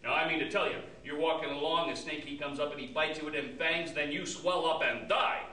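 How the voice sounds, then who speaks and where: A folksy old gossip , voiced by a man, drawls and rambles, repeating himself. His voice is bright and a bit high. It is caught from a distance in an echoey room. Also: fairly even intonation, a little fast. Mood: grumbling. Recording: roomy, distant mic.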